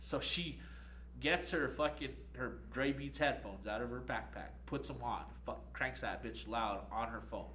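Bright-voiced young man telling a rowdy story. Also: mid-range voice, normal speed, slight background noise. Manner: profane, animated, laughing storyteller. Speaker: podcast co-host. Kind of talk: casual storytelling chat.

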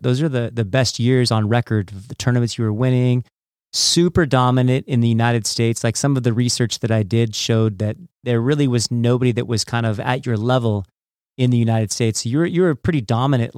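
A man's voice: medium pitch, a little mellow, no echo, clean studio sound. A man, a former judo athlete, hosting an interview in a casual way with many fillers. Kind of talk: podcast interview.

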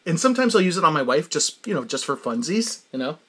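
A man's voice: on the high side, big pitch swings, fast, bright, forceful tone, husky. A man hosting a podcast in a rambling, casual comic monologue who laughs often at his own stories. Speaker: podcast host.

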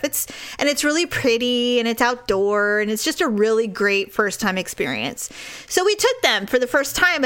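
A woman in her forties with a slightly high voice tells a story in a casual chat. She is animated and laughs often as she goes. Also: clear, resonant tone.

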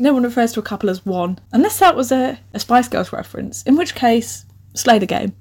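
A woman in her twenties with an animated, laughing manner, reading out her old writing and mocking it with sarcastic asides. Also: medium pitch, normal speed. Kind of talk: comic reading with commentary.

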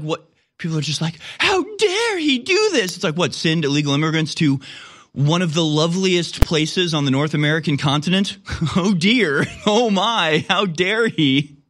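A man's voice: medium pitch, fairly bright tone. A man hosting a political commentary show, talking in a sarcastic, incredulous way with frequent laughs.

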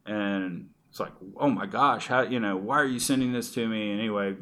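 A man's voice: on the low side, moderate pace, fairly bright tone, smooth. A middle-aged man in casual conversation, telling personal stories in a rambling way with frequent restarts. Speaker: guest.

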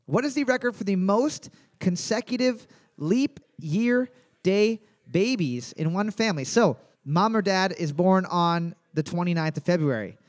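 A man's voice: high-pitched, animated, a little slow. A man hosting a casual trivia podcast, reading each question twice and cracking crude jokes. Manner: jokey, swearing, reads questions twice. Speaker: trivia host.

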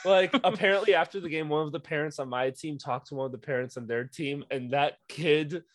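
A young man tells a story from coaching youth hockey, swearing freely and getting animated as he goes. His voice sits a bit high for a man. The sound is dry and close to the mic. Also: fairly quick, dry recording. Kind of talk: casual podcast storytelling.

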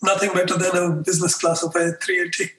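Man, high voice, animated storyteller, interview guest, echoey room. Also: quick pace, distant mic, crowd noise. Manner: animated, acts out dialogue in the story. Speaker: guest, customer experience expert.

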